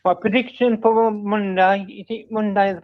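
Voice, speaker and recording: Cheerful male caller, high voice over a tinny phone line. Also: fairly even intonation, moderate pace. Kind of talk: casual phone-in call.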